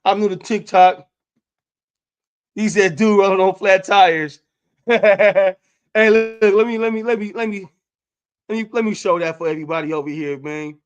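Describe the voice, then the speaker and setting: High-voiced man rambling on a livestream. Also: moderate pace, clear, resonant tone, lo-fi sound. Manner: loose, rambling street talk with lots of "man" and "y'all". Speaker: livestream host. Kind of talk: casual livestream talk.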